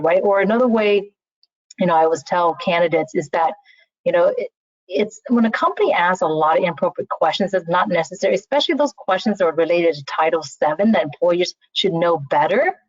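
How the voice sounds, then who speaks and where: Over a video call, a recruiter talks casually through interview skills in a webinar, frequently dropping "you know" and starting sentences over. She speaks on the low side, and the call audio is dry and slightly muffled, with no room sound.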